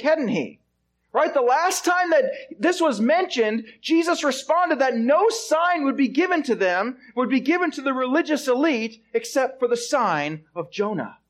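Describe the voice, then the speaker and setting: A male pastor preaching an expository sermon, stressing his points and asking the congregation rhetorical questions. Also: extremely high pitch.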